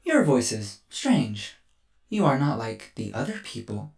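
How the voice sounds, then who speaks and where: A man voicing a small, bubbly robot child who speaks in flat, literal, formal phrases. He is a game master playing this figure in a tabletop game. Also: lowish voice, measured pace, vocal fry, soft background music, heavily acted. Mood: curious. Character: cheerful small robot child, blunt and curious.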